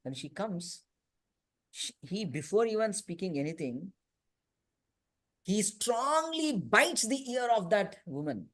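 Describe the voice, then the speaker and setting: A man's voice: sits high, very animated, unhurried. A man teaching a youth scripture class in a conversational storytelling manner, often adding "you know" and "right?". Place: temple hall.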